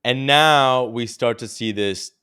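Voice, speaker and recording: Taking his time, a young podcast co-host drifts through a travel story, swearing liberally and leaning on "dude." His medium-pitched voice sounds sharp and clean.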